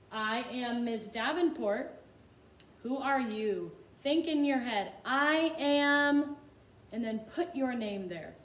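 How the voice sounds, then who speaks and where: A woman teaching a phonics lesson to young children, drawing out sounds in a slow sing-song manner. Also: high-pitched, reverberant. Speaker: kindergarten teacher.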